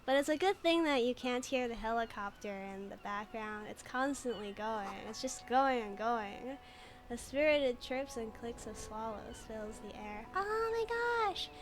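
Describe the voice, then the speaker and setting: A woman's voice: a little high, normal speed. Giggly woman streaming a game. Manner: chatty, giggly, reads game text aloud. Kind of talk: casual gameplay commentary.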